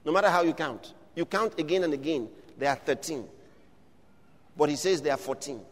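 A man's voice: on the high side, brisk. A man preaching a sermon, emphatic and exhorting his listeners with repeated questions. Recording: long reverb of a large hall.

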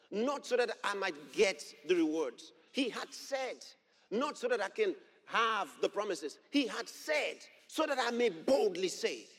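High, lively-voiced preacher man in a reverberant hall. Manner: emphatic, repeats key phrases and builds to shouts; reads scripture aloud in old-fashioned wording. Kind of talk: sermon.

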